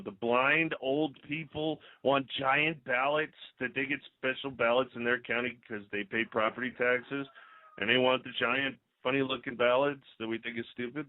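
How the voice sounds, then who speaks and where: A man runs his own talk radio show, delivering sarcastic, ranting commentary that stumbles and restarts as his thoughts race ahead. His voice sits in an ordinary middle pitch. The audio is dry and squeezed into a thin, phone-like band. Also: no echo. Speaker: internet radio host. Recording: dry, tinny phone-like sound.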